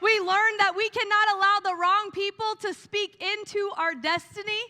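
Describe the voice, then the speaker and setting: High, bright, energetic woman pastor. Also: moderate pace, in a large hall. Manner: energetic, animated storytelling with y'all. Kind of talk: sermon. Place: church hall.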